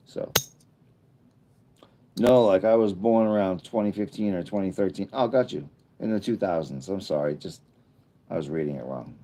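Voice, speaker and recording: Deep, mellow-voiced man in his fifties. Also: unhurried, long pauses, slight background noise. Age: 50s. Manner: rambling, jokey asides. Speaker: livestream host. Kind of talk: casual livestream chat, reading comments.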